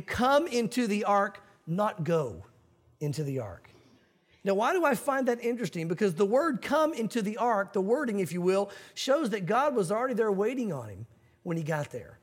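A male pastor preaching a sermon, telling a story with acted-out quotes and teaching from a Bible verse. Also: high-pitched.

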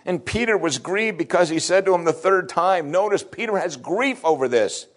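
A middle-aged man preaching a sermon, acting out scripture dialogue with big swings in his voice. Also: moderate pace. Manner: expressive preaching, acting out scripture dialogue with sweeping pitch shifts. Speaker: pastor.

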